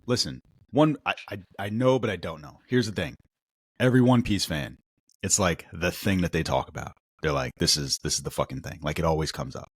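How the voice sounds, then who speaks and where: A man with an extremely deep voice and a husky grain tells rambling, animated stories in casual podcast chat. The sound is dry and close, with no room around it. He meanders with fillers and jumps into quick impressions. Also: no room sound. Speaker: podcast co-host.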